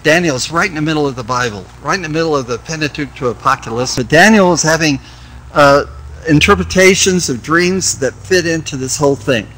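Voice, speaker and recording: A man's voice: fairly high pitch, fairly quick, a bit bright, slight background noise, rough recording. A man teaching a Bible study, reading verses aloud and repeating key phrases as he explains them.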